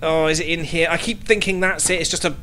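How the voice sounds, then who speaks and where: A man's voice: a little high, steady tone, quick pace, pushed and bright, slight background noise. A young man streaming a horror game, muttering to himself, jumpy and swearing often. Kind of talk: casual gaming commentary.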